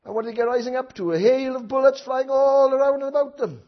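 A man preaching a sermon who swings from hushed asides to loud impassioned outcries, with many rhetorical questions to his listeners. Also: extremely high pitch, fairly even intonation, fast talker. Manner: tag questions and rhetorical questions to the congregation. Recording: dull lo-fi recording.

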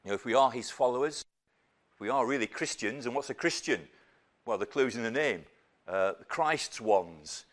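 A man from the north of England preaching a sermon, slow and emphatic, moving between raised emphasis and soft, hushed passages. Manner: slow and emphatic, lively swings of pitch and loudness, dropping to soft near-whispers.

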